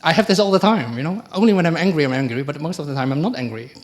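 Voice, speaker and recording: A middle-aged man, a monk giving a conversational dharma talk, often asking the audience questions and acting out quoted exchanges. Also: rapid-fire. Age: middle-aged or older. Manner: acts out quoted exchanges with lively pitch jumps. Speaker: Buddhist monk teacher.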